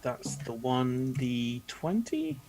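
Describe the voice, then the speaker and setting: Gravelly-voiced male player. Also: mid-range voice, wildly swooping pitch, takes it slowly, mellow. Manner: describes his character's actions. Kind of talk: casual tabletop game talk.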